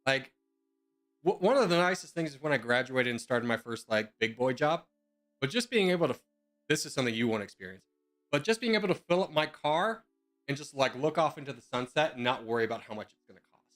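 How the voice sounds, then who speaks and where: A man's voice: medium pitch, lively intonation, brisk, a bit bright. A young man chatting casually in voice chat while gaming, joking and sarcastic. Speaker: gamer in voice chat.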